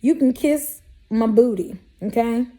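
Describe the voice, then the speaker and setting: A woman's voice: a little high, a little slow, mellow. A woman talking straight to camera in a sassy, blunt way, giving life advice and acting out mock quotes. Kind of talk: casual direct-to-camera talk.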